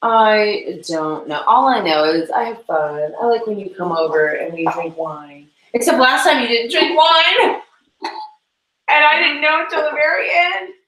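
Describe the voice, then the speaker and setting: A woman's voice: a little high, fairly bright tone, echoey room, rough recording. A woman co-hosting a casual livestream chat, rambling and giggling as she talks. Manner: giggly, rambling, quick asides. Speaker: co-host. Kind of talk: casual chat while cleaning tack.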